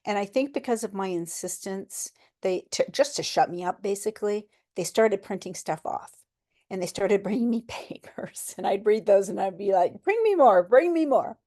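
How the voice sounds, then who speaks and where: A middle-aged woman tells her own cancer survival story in a personal storytelling talk, candid and conversational, letting out small laughs along the way. Her mid-range voice is warm and moves at a normal speed.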